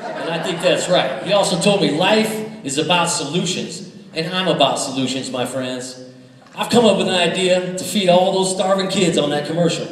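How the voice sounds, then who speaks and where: A man with a high voice delivers a stand-up set, landing his jokes with quick asides. His words echo hard through a big hall, heard from far off. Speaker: stand-up comedian. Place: stage in a large hall. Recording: echoey hall, far from the mic.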